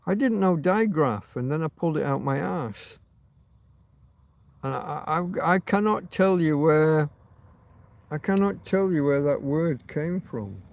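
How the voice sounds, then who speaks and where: His voice is fairly high with lively intonation and vocal fry, and he speaks unhurriedly; the recording is dry and muffled. A middle-aged livestream host outdoors at night near a road, he chats in a musing, sweary, self-talking way.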